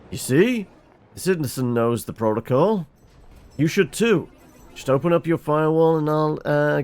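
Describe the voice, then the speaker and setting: A man reads through a game's dialogue himself, voicing each character with lots of ups and downs in his pitch. He stumbles now and then with fillers and restarts. A faint hiss sits under the voice. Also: creaky. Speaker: game reviewer reading dialogue. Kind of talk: reading game dialogue aloud.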